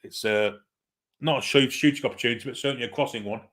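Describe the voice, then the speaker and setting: A man's voice: medium pitch, fast talker, a bit bright. A man hosting a live football watchalong, giving casual play-by-play, swearing freely and reading out viewer comments. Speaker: host of a football watchalong stream.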